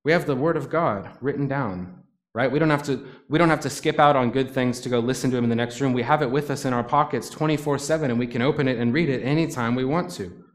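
A man's voice: medium pitch, fast. A man preaching a sermon in a conversational way, building to emphatic bursts on his key points. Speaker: pastor.

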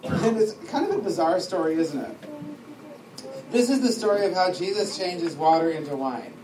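A man's voice: high voice, animated, normal speed. A man giving an informal, chatty teaching talk to a class, wandering off on side stories and laughing often. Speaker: teacher at a discipleship school. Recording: echoey room, distant mic, faint noise.

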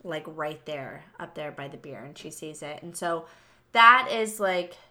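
A woman's voice: sits low, animated, a little slow, bright, forceful tone. A woman co-hosting a casual movie review podcast, chatty and full of filler words. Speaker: podcast co-host.

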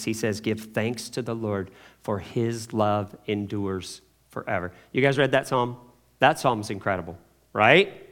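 A man teaching a Bible lesson to a class, dropping to hushed, slow quotes and rising to loud emphasis, often checking in with his listeners. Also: medium pitch.

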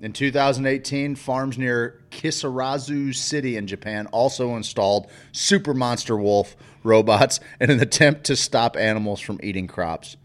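A man's voice: mid-range voice, moderate pace, few pauses. A man co-hosting a podcast, reading news aloud and adding dry, wry remarks. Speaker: podcast co-host. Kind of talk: casual chat.

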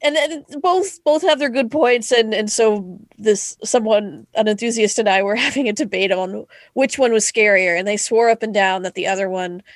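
A woman in casual group chat, telling stories with lively energy and acting out her own panicked reactions. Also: mid-range voice, moderate pace, hardly any pauses, no room sound. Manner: animated storyteller, acts out her own panicked voice.

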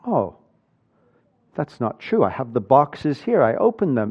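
Male pastor, fairly high voice, lively sermon storyteller; muffled lo-fi recording. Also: normal speed. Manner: animated, swings between loud and hushed.

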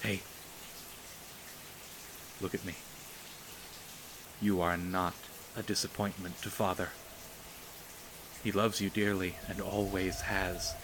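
A man reading aloud and voicing a young princess, a steady older sister who speaks softly and comfortingly. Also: low-pitched, takes it slowly, pauses often, noisy background. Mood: gently comforting. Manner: soft, comforting, coaxing.

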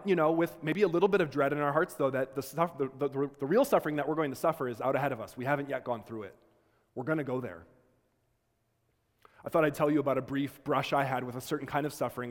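A man lecturing to students, telling a personal story in an earnest, conversational way with frequent restarts. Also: mid-range voice. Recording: long hall reverb.

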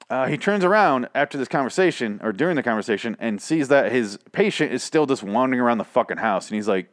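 Excitable, swearing man doing a casual show recap; mid-range voice, dry and close. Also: medium pitch, quick pace, few pauses, no echo. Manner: profane, excitable, rambling.

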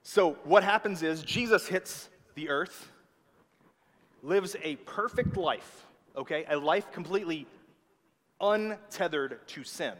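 A man's voice: a little high, slow, fairly bright tone. A man preaching a sermon with emphatic delivery, often checking in with his listeners. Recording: long hall reverb.

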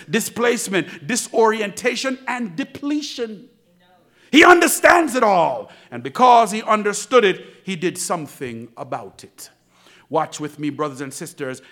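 A man preaching a sermon, building to shouts and dropping to whispers, with slow emphatic repetition. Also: high voice. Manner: dramatic, swings from shouting to near-whispers.

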